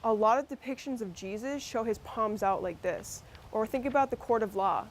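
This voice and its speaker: A woman's voice: fairly high pitch, moderate pace, a little hiss or hum. A woman with a Massachusetts accent presenting a workshop, talking conversationally with fillers and restarts. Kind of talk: instructional workshop talk.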